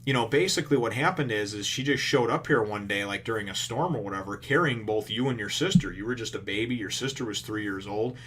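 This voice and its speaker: A man's voice: on the low side, a bit bright, a little hiss or hum. A man giving a casual, rambling recap of a manga chapter, full of fillers and the odd curse word. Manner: rambling, filler-heavy retelling with casual swearing; acts out characters' lines in quick paraphrase. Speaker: manga reviewer.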